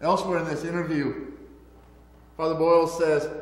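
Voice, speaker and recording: A male pastor preaching a sermon, drawing out his words and swinging between loud and soft. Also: a little high, moderate pace, long pauses. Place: church sanctuary. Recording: echoey church sanctuary with long reverb.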